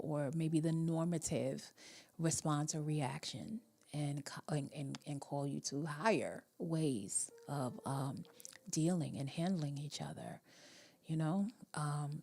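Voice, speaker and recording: A woman hosting a live relationship-coaching show, talking in a reflective, meandering way with many fillers and a soft, half-whispered delivery at times. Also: deep voice. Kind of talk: casual live-stream talk.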